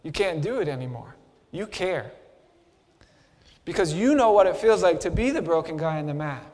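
A man with a high, ringing voice delivers an impassioned first-person sermon, dropping to a hush and then rising to a shout. His voice trails off into the long reverb of a big hall. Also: lively intonation, moderate pace. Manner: impassioned storyteller, swings from hushed to shouting. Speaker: preacher.

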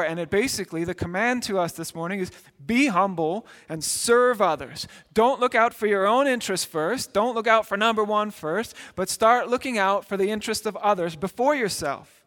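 Middle-aged man, pastor, conversational sermon, high voice, long reverberant hall. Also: moderate pace, a bit bright. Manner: conversational preaching with acted asides.

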